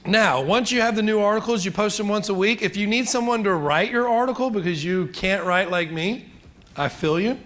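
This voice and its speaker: A man's voice: sits high, brisk, a bit bright. A middle-aged man giving a chatty, joking real estate seminar, asking the audience questions. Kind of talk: live seminar talk to an audience.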